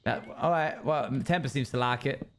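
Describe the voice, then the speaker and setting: A man's voice: medium pitch, normal speed, fairly bright tone, a little hiss or hum. A man streaming a game live, chatting with viewers and grumbling in playful mock annoyance.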